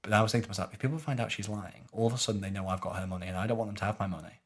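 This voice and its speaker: A man co-hosting a podcast, telling a story in casual chat and dropping to a low mutter for quoted lines. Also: steady tone, racing, husky. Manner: recounts scenes with low muttered quoted dialogue. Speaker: podcast co-host.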